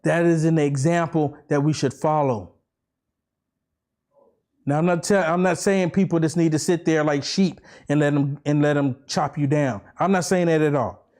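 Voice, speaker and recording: Fervent high-voiced man ranting to camera. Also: fairly even intonation. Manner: repetitive, rambling, with urgent rhetorical questions; swings from fervent near-shouting to low, slow preaching. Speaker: political vlogger. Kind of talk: impassioned political rant to camera.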